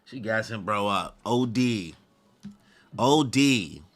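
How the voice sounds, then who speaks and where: A man's voice: on the low side, expressive, slow, soft background music. A man reading a manga aloud live and reacting with slangy asides, as the regular host of his channel.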